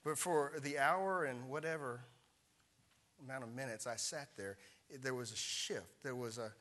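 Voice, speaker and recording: A man's voice: medium pitch, moderate pace, fairly bright tone. A middle-aged male pastor preaching a sermon, telling a personal story in a conversational way and asking the congregation questions.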